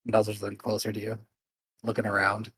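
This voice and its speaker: A man narrating a tabletop game as game master, calm and a little hesitant. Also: on the low side, fairly quick, breathy edge, dry recording.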